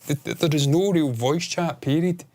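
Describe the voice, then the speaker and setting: A man co-hosting a casual podcast, excitable and rambling, swearing freely. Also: fairly high pitch, moderate pace. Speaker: podcast co-host.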